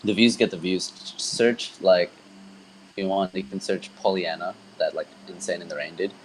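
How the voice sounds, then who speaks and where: A young man with a very low, deep voice and a light Australian accent. He chats casually on a podcast and rambles loosely, with plenty of "like" and "um" and restarted sentences. A faint hum of noise sits behind him. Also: moderate pace, rough recording. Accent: mild Australian. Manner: relaxed, rambling, many fillers and restarts. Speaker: band member co-hosting a podcast.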